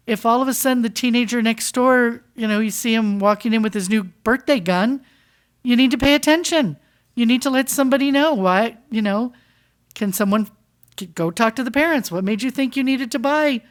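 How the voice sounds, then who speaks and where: A woman speaking as a school board member at a public meeting, earnest and impassioned, often restarting her sentences and asking rhetorical questions. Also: fairly high pitch. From United States.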